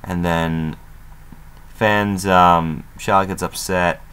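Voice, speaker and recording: A man casually recapping a wrestling show as an excitable fan, chatty and loose, with plenty of fillers and some swearing. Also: low-pitched, takes it slowly, clean tone.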